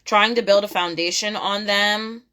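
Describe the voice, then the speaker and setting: A woman's voice: medium pitch, steady tone, unhurried, bright, forceful tone. A young woman giving a casual tarot reading, blunt and profane, repeating her points emphatically. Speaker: tarot reader.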